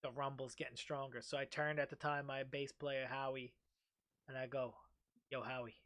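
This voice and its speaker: A young man hosting a casual chat, telling a long story in an animated way and swearing freely. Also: medium pitch, moderate pace. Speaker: podcast host.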